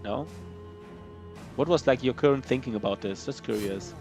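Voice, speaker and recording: A man's voice: mid-range voice, moderate pace, a little mellow, faint music behind. A man streaming a strategy game live, answering his chat in a loose, rambling way with many fillers and restarts. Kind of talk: casual live-stream chat while gaming.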